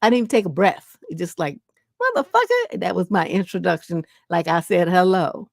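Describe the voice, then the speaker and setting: A woman host, telling stories on a casual livestream in a blunt, profane, animated way. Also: on the low side, a little fast, gravelly, no echo, studio quality. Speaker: relationship coach, live stream host.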